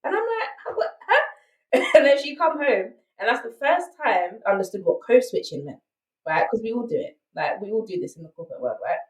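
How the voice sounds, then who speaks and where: Fast-talking South London woman, roomy distant sound. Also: mid-range voice, lively intonation. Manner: emphatic, rhetorical asides like "right?". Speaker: podcast guest. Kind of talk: candid conversational storytelling.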